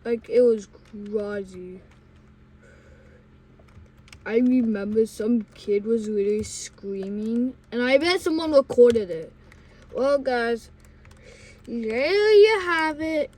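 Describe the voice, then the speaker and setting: Casual vlogger, female, high voice and slow pacing. She tells a rambling story full of restarts and acts out the yelled quotes. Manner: rambling, with many restarts and self-corrections; acts out the yelling in loud put-on quotes.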